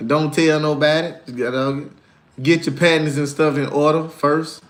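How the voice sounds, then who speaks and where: A man chatting casually on a livestream, slangy and animated, telling stories and answering viewers. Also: on the high side, normal speed. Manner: animated, slangy, storytelling with put-on voices. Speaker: livestreamer and musician.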